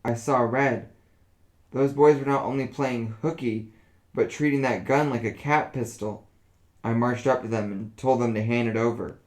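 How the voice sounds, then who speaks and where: A man voicing an elderly woman who speaks in a flat, emotionless, dazed way. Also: medium pitch, normal speed, close to an everyday voice. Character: elderly woman, dazed and flatly matter-of-fact.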